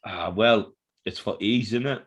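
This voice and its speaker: A man's voice: lowish voice, a little slow, breathy edge. Joking, sweary man at a barbecue. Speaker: co-host. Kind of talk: casual banter.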